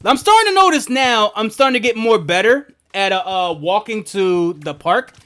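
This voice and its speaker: A man's voice: high voice, animated, moderate pace, pushed and bright, clear, resonant tone. A young man streaming a video game, chatting casually in a rambling, profane way and laughing often. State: asthmatic. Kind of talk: casual gaming stream chat.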